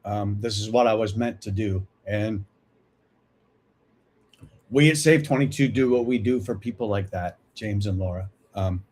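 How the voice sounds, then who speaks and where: A man's voice: lowish voice, a little slow, darkish tone. A man in his fifties hosting a live talk, earnest and reflective, often checking in with "right?". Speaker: host of a veterans support livestream.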